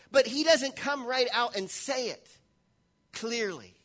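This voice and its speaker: A man preaching a sermon in a church, animated, swinging between loud passages and hushed ones. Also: very high-pitched, takes it slowly. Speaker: pastor.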